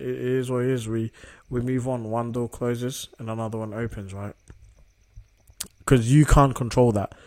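A young man with a medium-pitched, somewhat dark voice hosts a laid-back solo podcast. He muses reflectively and keeps checking in with listeners through tag questions.

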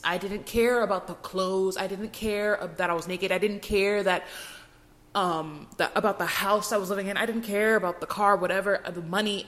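A woman's voice: medium pitch, a bit bright. A young woman hosting a podcast, telling her personal faith testimony in an earnest, emotional way with frequent restarts. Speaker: podcast host.

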